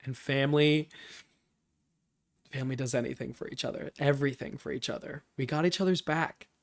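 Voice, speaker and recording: A man streaming live, recapping and analyzing a TV episode with excitable, emotional fan reactions and rambling asides. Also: mid-range voice, fairly quick, creaky.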